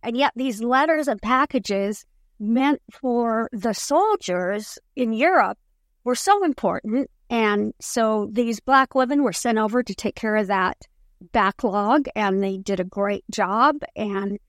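Woman author guest, slightly high voice, slow and earnest, dry close sound. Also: no echo. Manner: earnest, measured storytelling. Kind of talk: podcast interview.

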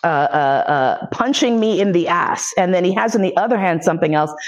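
A podcast host giving a lecture tells a personal story bluntly and profanely, full of fillers and self-interruptions, while vividly acting out what others said. The voice is mid-range, with lively intonation and a fairly quick pace.

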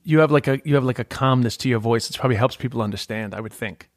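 A man's voice: mid-range voice, fast. A man with a New York Queens accent, a stand-up comedian in casual podcast chat, talking in a loose, rambling way full of restarts. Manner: chatty, restarts with many "like"s.

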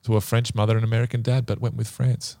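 Low gravelly quiz host. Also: male voice, flat delivery, quick pace, dark tone, no room sound, clean studio sound. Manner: laughing, matey banter. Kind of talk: casual podcast quiz.

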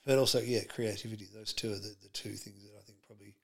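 Gravelly-voiced man, rambling chat. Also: fairly low pitch, fairly even intonation, fast, darkish tone. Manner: rambling, many fillers and restarts. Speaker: podcast guest, comedian. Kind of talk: casual interview chat.

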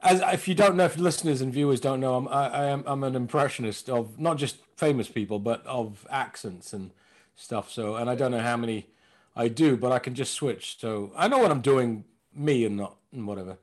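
A man's voice: mid-range voice, a little fast. A man in his fifties from London, a comedian and impressionist, chatting in a rambling, self-mocking way. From London, England. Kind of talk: casual podcast chat.

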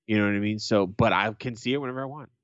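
A man's voice: lowish voice, very fast, no echo, lo-fi sound. A man co-hosting a podcast in casual chat, blunt and sweary, ranting with a laugh. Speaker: podcast co-host.

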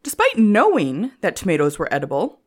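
A woman's voice: medium pitch, wildly swooping pitch, a little fast. A woman co-hosting a casual comedy history podcast, reading her notes aloud and laughing often. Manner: giggly, reads notes between jokes. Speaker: podcast co-host.

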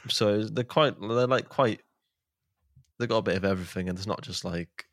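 Guy on a podcast, really low voice, dry close mic, jokey and rambly. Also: normal speed, a bit bright, dry recording. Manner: jokey, rambling, laughs often. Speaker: podcast co-host. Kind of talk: casual chat.

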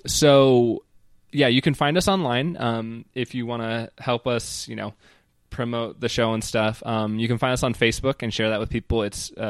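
A man with a Midwestern twang co-hosts a laid-back podcast. He rambles loosely, leans on fillers and drops the odd swear. His voice is smooth and clear, recorded dry and close. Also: mid-range voice, no room sound. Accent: Midwestern American. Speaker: podcast co-host. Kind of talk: casual podcast chat.

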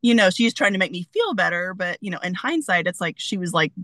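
A woman's voice: fairly low pitch, animated, brisk, fairly bright tone, dry recording. A woman in her forties, a guest telling stories in a casual interview, chatty with many fillers.

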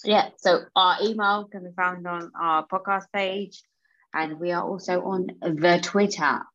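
A woman co-hosting a podcast in casual chat. She is blunt and animated and says "like" a lot. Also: on the low side, a little slow, muffled recording. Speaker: podcast co-host.

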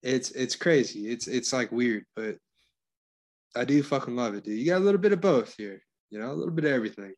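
A man's voice: mid-range voice, expressive, a little fast. Profane, easygoing man telling stories. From Florida, USA. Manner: profane, storytelling, says dude a lot. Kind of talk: casual crude banter.

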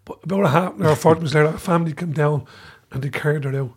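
A man with a Dublin accent telling lively stories in casual chat, laughing through his anecdotes. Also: fairly high pitch, rapid-fire, slightly rough. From Dublin, Ireland. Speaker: guest storyteller.

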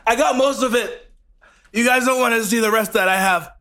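A podcast host chatting casually, loud and swearing, coughing and laughing in pain from a very spicy chip. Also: male voice, very high voice, fairly quick. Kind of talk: casual chat.

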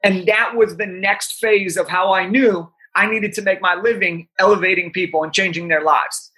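A young man in his twenties, a podcast guest, telling an animated story with frequent "right?" asides. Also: high-pitched, moderate pace.

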